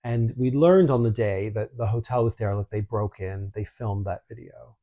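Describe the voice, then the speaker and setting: Brief: male podcast host, warm mellow tone, lively storyteller, casual chat. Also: fairly low pitch, moderate pace. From Canada. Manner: chatty, animated storytelling.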